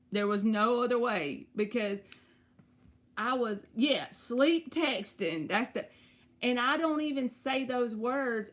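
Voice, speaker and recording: A woman, giving tarot readings on a live stream and chatting to her viewers in an animated, storytelling way. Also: fairly high pitch. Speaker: tarot reader.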